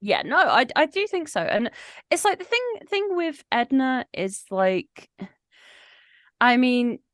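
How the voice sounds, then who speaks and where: A woman's voice: high voice, big pitch swings, slow, no echo, clean studio sound. A woman who is a guest on a podcast, talking things through thoughtfully and hesitantly, with frequent restarts. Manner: thoughtful, hesitant, many restarts and soft laughs. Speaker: podcast guest, freelance writer. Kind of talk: casual podcast discussion.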